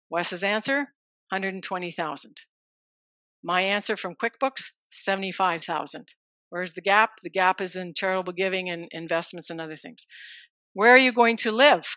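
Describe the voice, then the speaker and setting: Woman, 60s, farm coach presenting live, bright energetic delivery, lo-fi recording. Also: medium pitch, no room sound. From Manitoba, Canada. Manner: lively, addresses listeners by name, drops in French words. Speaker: farm family succession coach.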